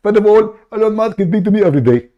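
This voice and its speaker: A man's voice: high voice, expressive, racing, dark tone, dull audio, voice pushed up. A man voicing an eager, boastful male caller who speaks earnestly and starts his points with the same stock phrase. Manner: earnest, boastful, always opens with "first of all".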